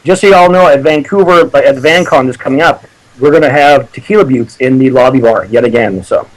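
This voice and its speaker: A man's voice: mid-range voice, fairly quick, poor audio. A Canadian man chatting as a guest in a brash, profane, joking way. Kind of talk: casual chat.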